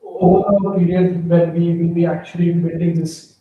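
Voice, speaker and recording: A man's voice: a little high, fairly even intonation, moderate pace. Distant, muffled man speaking from the audience. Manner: hesitant, many fillers. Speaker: audience member. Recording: distant, echoey room, dull sound.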